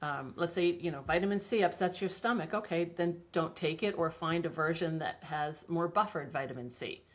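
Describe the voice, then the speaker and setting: A woman's voice: fairly low pitch, moderate pace, hardly any pauses. A middle-aged woman guest talking enthusiastically about homeopathy in a casual interview, chatty with many restarts. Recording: dull lo-fi audio.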